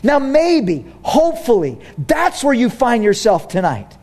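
Animated, high-voiced preacher man. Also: unhurried. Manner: animated, humorous storytelling, direct to congregation. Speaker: pastor. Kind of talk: sermon.

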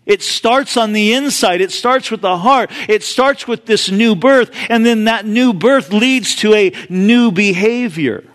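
A man preaching a sermon with a noticeably high voice. He talks in a relaxed, conversational way and drifts into asides as he tells stories. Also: measured pace, hardly any pauses. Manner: conversational storytelling with frequent asides. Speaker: pastor.

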